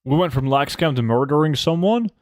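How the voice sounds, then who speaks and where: A man's voice: on the high side, lively intonation, fairly quick, darkish tone, no room sound, clean studio sound. A young man from Norway chatting casually with friends while gaming, joking and swearing as he rambles. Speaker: streamer.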